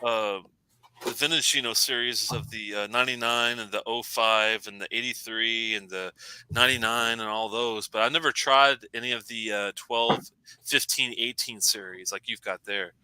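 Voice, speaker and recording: A man's voice: mid-range voice, steady tone, moderate pace, bright, forceful tone, clear, resonant tone, no room sound, poor audio. A man hosting a casual whisky chat, laughing often and restarting his sentences. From Louisville, Kentucky. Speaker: whisky show host.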